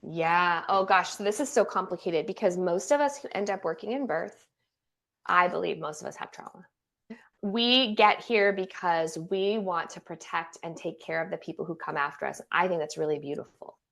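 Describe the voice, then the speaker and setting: A woman guest on a podcast who works as a trauma therapist and doula. She talks in an earnest, expressive way and slips into the voices of the people she quotes. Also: on the low side, normal speed, gravelly. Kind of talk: casual podcast interview.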